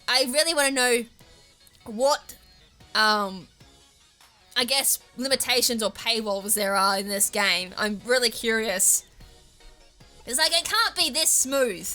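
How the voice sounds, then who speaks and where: Casual Australian woman gamer, tangent-prone commentary, bright tone, light music bed. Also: fairly high pitch, takes it slowly, long pauses. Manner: chatty, rambling, goes off on tangents. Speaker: gaming YouTuber. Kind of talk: casual let's-play commentary.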